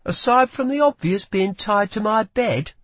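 A man's voice: high voice, lively intonation, moderate pace, a bit bright, no echo, pitched above the performer's own voice. A man voicing a wary young woman thief in an audiobook, with cool, mocking retorts. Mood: guarded, mocking. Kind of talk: audiobook character voice.

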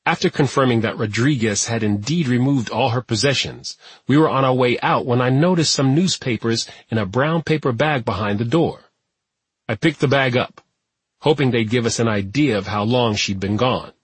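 A man reading an audiobook narration in a steady, even manner. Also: mid-range voice, moderate pace, husky, no room sound. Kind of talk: scripted narration.

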